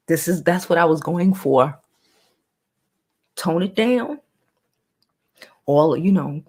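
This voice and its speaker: Low-voiced woman chatting on a livestream. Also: expressive, slow, long pauses, breathy edge. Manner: blunt, profane, reads chat comments aloud; putting on a lower, softer new voice. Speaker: livestream host. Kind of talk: casual livestream chat.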